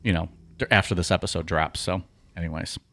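A man co-hosting a casual podcast, reading a long quoted passage aloud in a plain, steady way. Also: sits low, brisk. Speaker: podcast co-host.

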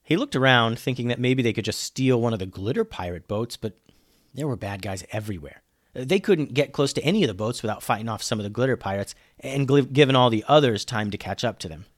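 A man's voice: fairly quick, no room sound, studio quality. Man reading a children's adventure story. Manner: lively, dropping low and quiet on narration tags.

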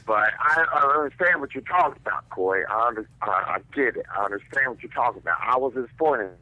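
A man's voice: mid-range voice, lively intonation, fast talker, sharp tone, dry recording. A man calling in to a live show, speaking hesitantly and apologetically over a phone line. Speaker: caller. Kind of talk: call-in comment on live show.

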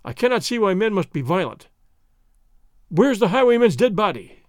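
A man voicing a mild, teasing young nobleman who speaks in a lively, mannered way. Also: high-pitched, normal speed, no echo. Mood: needling, mock-innocent.

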